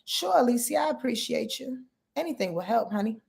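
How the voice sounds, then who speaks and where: A woman's voice: a little high, lively intonation, a little fast, gravelly, darkish tone, slightly rough. A woman in her fifties hosting a casual astrology livestream from her bed, sleepy and chatty, talking straight to her viewers in loose slang. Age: 50s. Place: lying in her bed at home.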